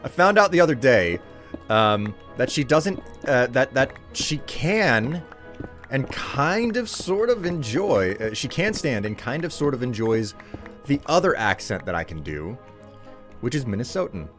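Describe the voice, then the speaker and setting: A man streaming himself gaming, chatting in a relaxed, rambling way that often corrects itself. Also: mid-range voice, measured pace, soft background music. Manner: rambling, self-correcting, chuckling. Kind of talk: laid-back live-stream chat while gaming.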